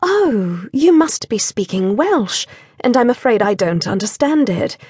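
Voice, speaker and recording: Playful young stage star, poised and teasing; voiced by the woman narrator. Husky, dry read. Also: fairly high pitch, big pitch swings, measured pace, a little mellow, dry recording, heavily acted.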